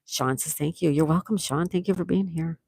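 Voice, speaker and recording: A woman's voice: low voice, brisk, creaky, a little mellow, slightly rough, dry recording, rough recording. A retired woman in her sixties hosting a casual livestream, reading viewers' comments aloud and chatting back. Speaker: livestream host.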